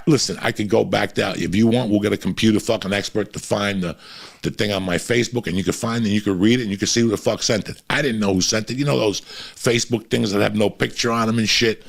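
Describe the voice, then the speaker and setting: A man from Cuba tells stories on a podcast in a low, gravelly voice. He rambles and talks bluntly, with plenty of swearing. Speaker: podcast guest or host telling stories.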